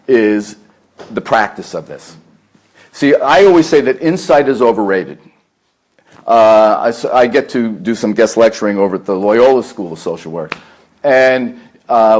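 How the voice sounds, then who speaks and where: A man with a New York accent, a therapist lecturing a meditation group, earnest and deliberate, stacking repeated phrases with fillers. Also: medium pitch, a little mellow. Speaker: therapist giving a talk. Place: meditation center hall.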